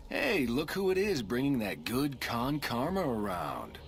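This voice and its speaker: A man's voice: medium pitch, wildly swooping pitch, a little slow, creaky, slight background noise, full character voice. An actor playing a laid-back male drug cook in a video game, talking in old-fashioned hip slang. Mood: easygoing. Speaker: game character.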